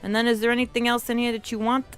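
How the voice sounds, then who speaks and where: A woman's voice: fairly high pitch, little pitch movement, rapid-fire. Lady streamer chatting away while she plays, laughs a lot, faint music behind. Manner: chatty, laughs often, trails off and restarts. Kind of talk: casual gaming stream chat.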